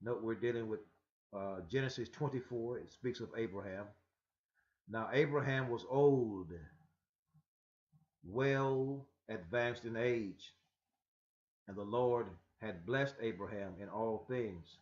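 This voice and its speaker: A man's voice: mid-range voice, slow pace, pauses often, a little mellow. A man teaching from scripture in a rambling, emphatic way, with frequent restarts and stammers, on a muffled lo-fi recording. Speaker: religious teacher.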